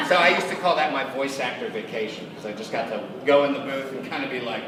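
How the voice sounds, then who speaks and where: A man who is a voice actor, telling jokey stories on a convention panel and acting out the voices in them. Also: a little fast. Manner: animated, jokey, acts out quotes with big pitch jumps and laughs. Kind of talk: lively convention panel storytelling. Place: large convention hall. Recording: far-off echoey hall recording with noise.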